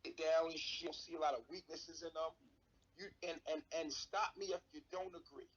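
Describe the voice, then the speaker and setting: Man, high voice, husky, blunt and profane, muffled livestream audio. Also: fairly even intonation, moderate pace. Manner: blunt, swearing, emphatic. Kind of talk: casual live-stream talk.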